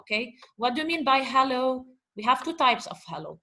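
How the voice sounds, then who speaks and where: A woman's voice: high-pitched, big pitch swings, brisk, pushed and bright. A woman teaching Arabic vocabulary to English speakers. She asks questions, answers them herself, repeats points, and calls her class guys. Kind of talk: explaining vocabulary from a lesson dialogue.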